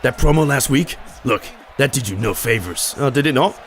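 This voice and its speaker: A man playing a stern wrestling boss in a video game, talking low and clipped. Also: expressive, normal speed, fairly bright tone, slight background noise, natural voice. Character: gruff male wrestling boss, stern mentor.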